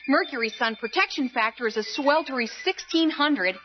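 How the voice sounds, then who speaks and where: A woman's voice: high-pitched, expressive, normal speed, slight background noise. A woman playing a perky weather presenter in a spoof newscast, with a bubbly, chirpy delivery. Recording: dull lo-fi with faint music.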